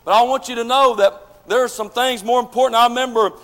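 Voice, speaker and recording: A man preaching a sermon, telling folksy stories and building to shouted preaching. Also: extremely high pitch, fairly even intonation, fast talker, in a large hall. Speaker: pastor. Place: church sanctuary.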